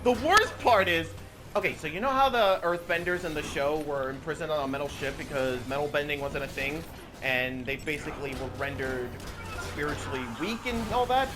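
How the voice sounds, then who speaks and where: Young man, high voice, animated ranting, voice chat, noisy background. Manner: animated, swearing, mocking retelling with quick put-on quotes. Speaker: channel host. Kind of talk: casual chat while gaming.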